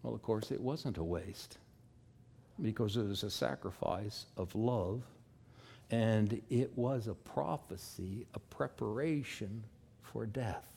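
A man's voice: fairly low pitch, slow, creaky, dark tone, a little hiss or hum. A man, likely a pastor, preaching a sermon in a folksy way with asides and rhetorical questions.

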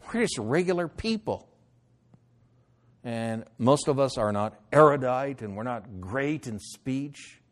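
A middle-aged man preaching a sermon, moving between loud declarations and hushed, pleading lines. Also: medium pitch. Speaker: pastor.

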